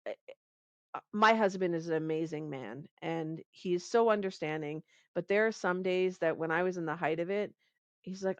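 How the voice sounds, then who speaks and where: A woman guest on a podcast interview, talking in an animated, conversational way, often laughing and restarting her sentences. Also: on the low side, normal speed, no room sound, highs cut off. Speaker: podcast guest, pain reduction coach.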